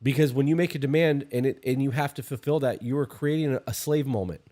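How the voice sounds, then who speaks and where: A man's voice: medium pitch, fast talker, warm tone. A man co-hosting a podcast, giving blunt, emphatic relationship advice and swearing freely. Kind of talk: casual advice chat.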